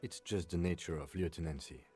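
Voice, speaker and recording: A man doing a deep, dry police lieutenant. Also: fairly quick, faint music behind, natural voice. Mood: deadpan. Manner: dry, clipped, deadpan.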